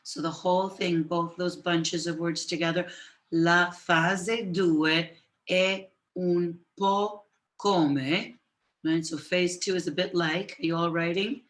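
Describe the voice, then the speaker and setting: A woman teaching Italian on a live stream, switching between Italian and English, greeting viewers and dictating phrases slowly. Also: on the low side, steady tone. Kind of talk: live-streamed language lesson. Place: home office with computers.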